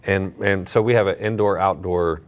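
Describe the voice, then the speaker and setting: Deep-voiced halting man hosting a podcast. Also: a little hiss or hum. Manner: halting, repeats words, chatty. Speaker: podcast host. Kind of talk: casual interview. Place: animal shelter, indoors.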